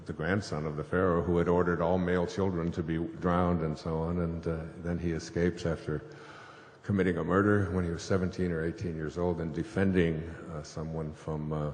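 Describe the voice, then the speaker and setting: A man's voice: deep voice, level tone, fairly quick, a little mellow. A man, a spiritual author, telling a scripture story to an audience in a rambling way, with fillers and chuckles. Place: stage before a live audience. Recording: echoey hall, faint noise.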